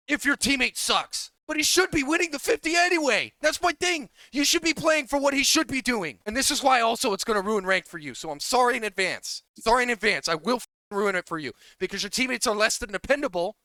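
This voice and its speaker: Extremely high and sharp, a male coach's voice comes through with no room sound. In this coaching session rant he swears, sounds exasperated, and rapidly repeats himself to his players.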